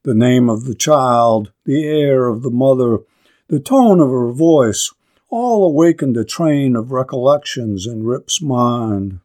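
Man reading a classic story aloud, slow and deliberate, lively expressive pitch, literature lecture.

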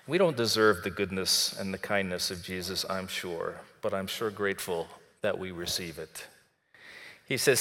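A man preaching a sermon in a conversational way, dropping soft and then rising to emphatic. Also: lowish voice, big-room sound. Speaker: pastor.

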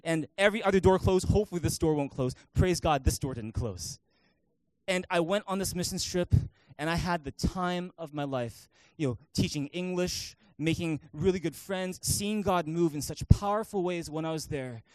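A male pastor preaching in a church, telling a personal story in an animated way with many restarts. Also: a little high, moderate pace, dry recording. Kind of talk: sermon storytelling.

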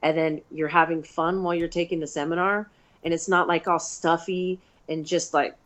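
A woman's voice: fairly low pitch, normal speed. A woman, a grappler and fighter, telling stories in a chatty, profane way as a guest in a casual interview. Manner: chatty, profane, animated storytelling.

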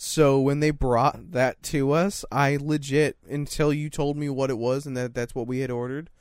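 A man's voice: mid-range voice, steady tone, normal speed, darkish tone, clean tone, no room sound, studio quality. A young man in casual chat, laid-back and slangy, swearing as he tells his side of the story.

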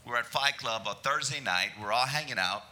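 A male pastor preaching to his church, telling a story in a lively, joking way. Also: medium pitch, a little fast, low-quality recording. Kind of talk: sermon with storytelling.

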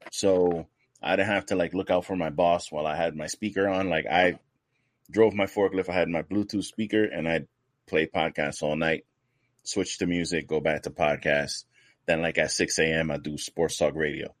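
A man's voice: low voice, fairly even intonation, normal speed, no echo. A man co-hosting a casual podcast, rambling loosely and swearing freely as he chats. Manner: loose, profane, rambling banter. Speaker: podcast co-host.

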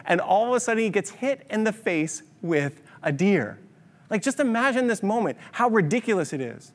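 A man preaching a sermon, telling a story with lively rhetorical questions. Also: high-pitched, moderate pace. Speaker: pastor. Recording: long hall reverb.

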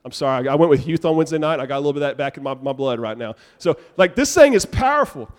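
Male pastor, young adult, sermon in a church, conversational, slightly high voice. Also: racing. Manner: conversational preaching, animated asides. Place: church sanctuary.

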